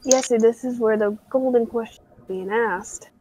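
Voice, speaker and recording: A woman playing a tabletop roleplaying game, animated and playful, given to exclaiming. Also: a little high, normal speed, breathy edge, poor audio. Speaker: player. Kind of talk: casual tabletop play.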